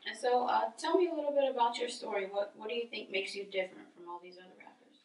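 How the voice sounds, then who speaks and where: A woman's voice: a little high, fast, a little mellow. A woman interviewing a rapper, asking friendly, prompting questions about his story and talent. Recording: echoey room, far from the mic.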